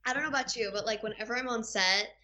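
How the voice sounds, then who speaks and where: An effusive woman co-host gushes over her guest's answers. Her voice is fairly high and piercingly bright. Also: quick pace. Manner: effusive, gasping with excitement. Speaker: co-interviewer.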